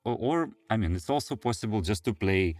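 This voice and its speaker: A man with a Russian accent teaching handpan in a relaxed way, pausing often with fillers and chanting drum syllables. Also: lowish voice, dry recording. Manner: non-native English, hesitant fillers, vocalizes rhythms. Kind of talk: casual music lesson.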